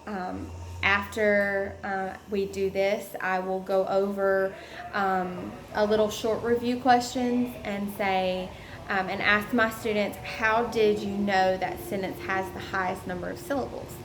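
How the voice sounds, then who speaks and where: Slow, halting young woman explaining a lesson. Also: medium pitch, little pitch movement. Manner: halting, many ums, explains step by step. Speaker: education student presenting a lesson plan. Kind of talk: recorded lesson plan presentation. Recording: echoey room with faint noise.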